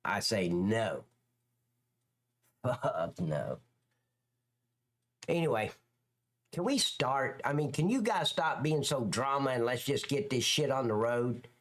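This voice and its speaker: A middle-aged man, a former police officer, ranting bluntly and crudely as he chats with viewers on a livestream, his pitch swinging up and down. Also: very animated, normal speed. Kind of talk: casual livestream chat reacting to viewers.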